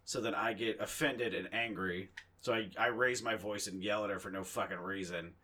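A man's voice: lowish voice, steady tone, moderate pace, sharp tone. A young man co-hosting a podcast in casual chat, telling rambling, profane, self-mocking stories. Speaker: podcast co-host.

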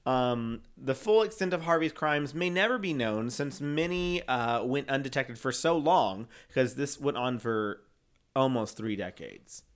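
A man's voice: mid-range voice, animated, measured pace. A man co-hosting a casual true-crime podcast, rambling through the story and swearing freely. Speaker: podcast co-host.

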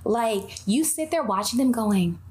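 Young female host, animated and chatty, tells stories with lots of side tangents. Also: on the high side, a little slow. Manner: animated storytelling, goes on tangents. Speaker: podcast host. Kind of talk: casual faith chat.

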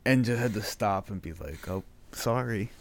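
Young male guest, lowish voice, animated storyteller. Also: normal speed. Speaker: podcast guest. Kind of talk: casual chat.

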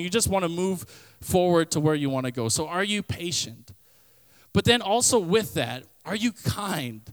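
A young youth pastor delivers a sermon as a relaxed personal story at normal speed, his slightly high voice smooth and clear. He leans on fillers like "like" and "kinda" and acts out his own past lines in comic voices for laughs.

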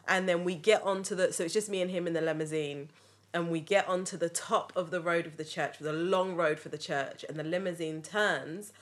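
A woman hosting a podcast, telling family stories in a lively, laughing way. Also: lowish voice, a little fast. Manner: lively, laughing, animated retelling. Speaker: podcast host. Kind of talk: casual storytelling chat.

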